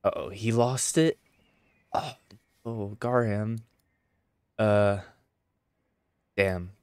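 Low, slow-talking Swedish gamer. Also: male voice, clean tone, no echo. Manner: muttering to himself while exploring. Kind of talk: let's play commentary.

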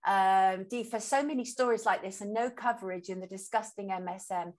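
A woman hosts a live-stream talk show. She is sympathetic to her guest and reads viewer comments aloud between questions. Her voice sits at a middling pitch. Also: brisk. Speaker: host.

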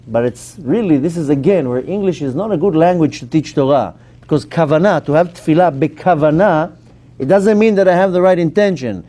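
Animated rabbi, mellow higher voice. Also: male voice. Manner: emphatic, animated teaching with questions to the audience. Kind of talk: Torah class to a live audience.

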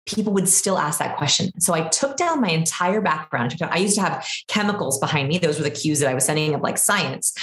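A woman in her thirties explaining behavior research as an interview guest, animated and quick, acting out examples in her own voice. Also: fairly low pitch, reverberant. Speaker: guest expert on body language.

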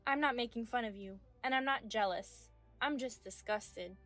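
A woman's voice: fairly high pitch, moderate pace, few pauses, a bit bright, faint music behind. A woman in her thirties narrating as a wronged wife, speaking firmly and with indignation in a scripted audio drama. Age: 30s. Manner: firm, indignant questioning.

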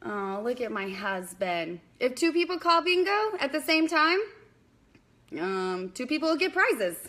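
A woman's voice: high voice, big pitch swings, a little slow, fairly bright tone. A young woman hosting a casual live-stream bingo game, chatty and scattered, talking to viewers by name.

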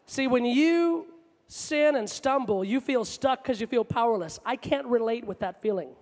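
A man preaching a sermon with passion, moving between loud outbursts and hushed asides, in a large church hall. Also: very high-pitched, expressive, normal speed. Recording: long hall reverb.

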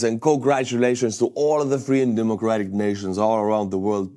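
Enthusiastic young guy from estonia chatting to camera, warm mellow voice, middle pitch. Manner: enthusiastic, animated, upbeat. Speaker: war news vlogger. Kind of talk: casual video commentary.

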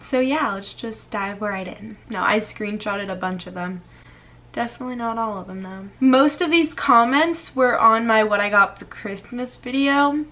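A woman of twenty-one from Florida, chatting casually in a vlog, full of "like" and quick laughs as she reads comments aloud. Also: fairly high pitch, pushed and bright. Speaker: YouTuber.

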